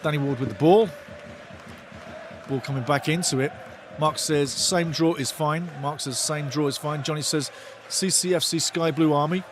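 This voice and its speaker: A man speaking at a normal speed with a fairly high pitch hosts a live football watch-along. He commentates excitedly, shouts at the big moments, reads viewer comments aloud and tends to repeat his phrases, all over some background noise.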